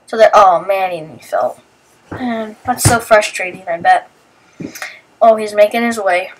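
A woman's voice: mid-range voice, unhurried, recorded from a distance, slight background noise. A young woman vlogger chatting through a casual voice-over, rambling about what her friends are doing. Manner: rambling and chatty, narrating what friends do and acting out their lines. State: sleepy, just woke up. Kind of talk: casual voice-over commentary on video clips.

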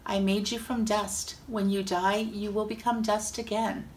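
A woman voicing God in a children's Bible story, calling out and speaking gravely. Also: medium pitch, level tone, unhurried, a little mellow, a little hiss or hum, lightly acted, rough recording. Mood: stern. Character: God, calm, stern creator.

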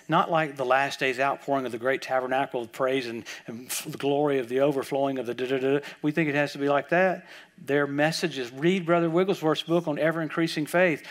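A man with a somewhat higher-pitched voice preaches at a church service. He tells stories animatedly, sliding from hushed asides into loud, emphatic outbursts. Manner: storytelling, swings from quiet asides to loud emphatic bursts. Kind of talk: sermon.

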